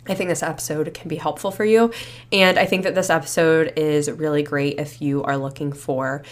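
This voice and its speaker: Young female podcast host, deep-toned, casual and reflective, slightly congested. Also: steady tone, normal speed. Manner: chatty, reflective, many fillers like "you know" and "like". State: slightly stuffy after a cold, a bit out of breath. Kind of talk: casual solo podcast talk.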